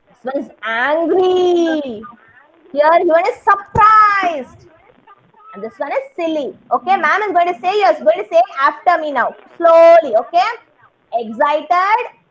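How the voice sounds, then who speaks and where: A woman teaching a kindergarten class online, her voice high and bright for the children. She talks in an exaggerated, sing-song manner. The sound is dull and lo-fi, as from a laptop microphone on a video call.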